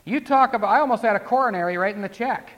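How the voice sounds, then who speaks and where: High-voiced preacher in an echoing hall. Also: male voice, quick pace, muffled recording. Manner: conversational preaching that swells into emphatic declarations. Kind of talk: sermon. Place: church.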